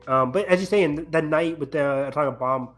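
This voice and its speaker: A man's voice: on the high side, fairly quick, faint music behind. A young man co-hosting a podcast, joking and exclaiming as he reviews films. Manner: excitable, jokey, exclamatory. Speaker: podcast co-host. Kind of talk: casual movie review chat.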